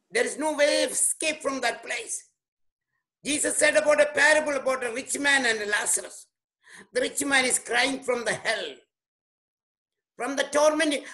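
A man pastor preaching a sermon emphatically, breaking in to comment on the scripture reading and sometimes shouting. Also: very high voice. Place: church.

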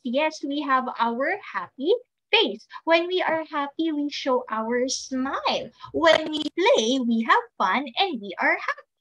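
A woman teaching a recorded preschool class, speaking in a slow, sing-song voice with rising questions to small children. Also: sits high, fairly bright tone, lo-fi sound.

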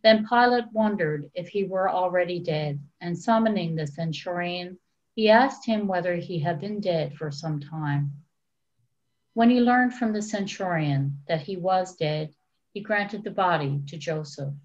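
A woman church leader giving a solemn, measured scripture reading. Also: fairly low pitch. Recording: dull lo-fi recording.

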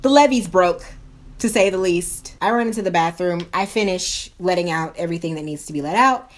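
A woman's voice: fairly low pitch, a little fast. A young woman in her twenties, a beauty vlogger chatting casually through a storytime while doing her makeup, acting out the voices of the people she quotes. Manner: animated, acts out quoted voices.

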